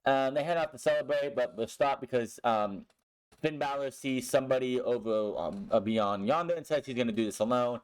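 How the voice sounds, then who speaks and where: A man's voice: medium pitch, fairly quick, clean tone. A young man recapping a wrestling show in a casual, blunt way, swearing often and sounding frustrated with the booking.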